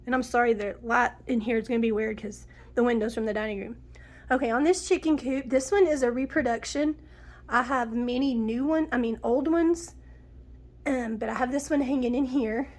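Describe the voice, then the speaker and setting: Her voice a little high and a little mellow, a middle-aged woman with a cold sounds nasal and sniffly as she chats through her decorated home. At a moderate pace, she homily names each piece one after another in this casual tour.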